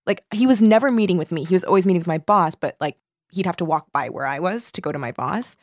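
A young woman co-hosting a podcast, telling a story in casual chat, animated and swearing freely. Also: lowish voice, fast talker, no echo, clean studio sound. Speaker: podcast co-host.

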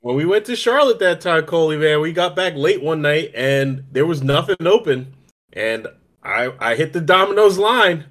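Slightly high-voiced guy spinning a lively yarn on a podcast. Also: moderate pace. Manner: storytelling, playful. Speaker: podcast co-host. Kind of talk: casual chat.

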